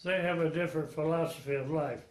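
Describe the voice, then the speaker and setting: A man's voice: on the high side, fairly even intonation, quick pace, roomy sound. A man in his nineties, a World War II veteran from Texas, telling frank, rambling stories in an oral history interview. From Texas, United States. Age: 90s. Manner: rambling, frank storytelling with chuckles.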